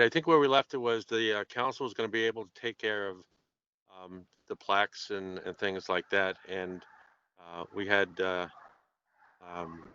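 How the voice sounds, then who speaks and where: Halting man on a muffled call. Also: low-pitched, sharp tone, clean tone. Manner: halting, with many fillers and restarts, dry joking. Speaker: EMS council member. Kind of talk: conference-call meeting discussion. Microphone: remote call.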